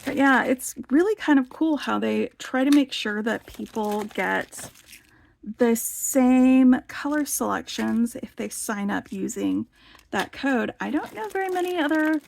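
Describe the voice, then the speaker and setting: A woman's voice: sits high, lively intonation, measured pace, vocal fry, darkish tone. A woman hosting a casual show-and-tell vlog, chatty and enthusiastic, with lots of "like" fillers. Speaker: beading channel host.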